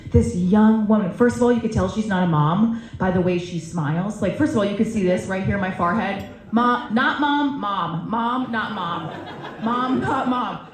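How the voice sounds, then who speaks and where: A woman in her forties doing a stand-up set, telling stories in a brash, profane, animated way on a comedy club stage. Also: medium pitch, moderate pace, a little hiss or hum. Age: 40s. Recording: roomy live club sound.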